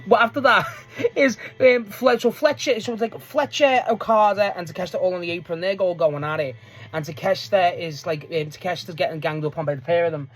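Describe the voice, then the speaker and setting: A man with a notably high-pitched voice recaps a wrestling match in loose, casual talk. He rambles from one moment to the next, restarts often, laughs readily and swears freely. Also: a little fast. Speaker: wrestling fan reviewer.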